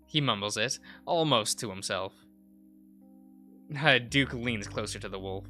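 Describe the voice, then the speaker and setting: A man's voice: lowish voice, normal speed, sharp tone, soft background music. A young man streaming, reading a visual novel aloud with many uhs and restarts.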